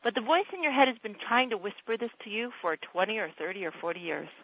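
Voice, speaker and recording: A woman's voice: medium pitch, expressive, fast. Insistent woman coach on a phone line. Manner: insistent, direct and emphatic. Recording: dry narrow phone line.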